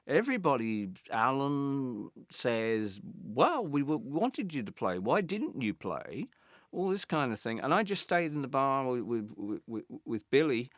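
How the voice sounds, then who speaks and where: An older man recounting a backstage story in an interview, animated, acting out the others' lines and often stammering into restarts. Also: medium pitch, dry recording, studio quality. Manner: animated, acts out quoted voices, stammering restarts. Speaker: interviewee, former band guitarist.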